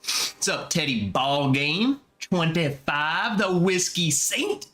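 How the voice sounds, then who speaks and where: Lively bright-voiced young man chatting. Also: a little high, faint music behind. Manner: relaxed, chatty, drawn-out musing. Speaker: livestream host. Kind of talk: casual live chat reading comments.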